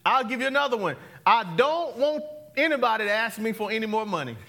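A male pastor, preaching an interactive, call-and-response sermon that swings from loud to hushed, laughing often. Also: extremely high pitch, animated, fast, vocal fry.

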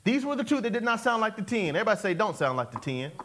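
Very high-voiced preacher man. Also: big pitch swings, racing, fairly bright tone. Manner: exhorting, repeats catchphrases, chuckles between points. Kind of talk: sermon with call-and-response.

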